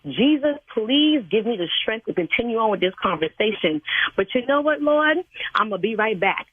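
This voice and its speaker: A woman's voice: on the high side, sing-song, normal speed, husky, no room sound. An older woman who interprets sign language at church, talking on a phone call in a stern, preachy manner that turns to cursing. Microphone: telephone. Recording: tinny phone line, dry.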